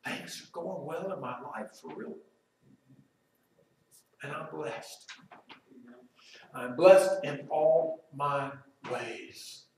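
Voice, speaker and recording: A man preaching a sermon, turning loud and emphatic as he quotes, then dropping quiet and slow to reflect. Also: a little high, gravelly, slight background noise. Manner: emphatic, rises loud when quoting Job, drops quiet and slow to reflect. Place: church sanctuary. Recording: very echoey room, voice from far off.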